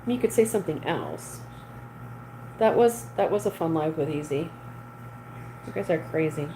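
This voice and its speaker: A woman's voice: low voice, animated, moderate pace, warm tone, a little hiss or hum, low-quality recording. A woman hosting a casual livestream, chatting with viewers and reading their comments aloud. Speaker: livestream host. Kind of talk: casual live chat with viewers.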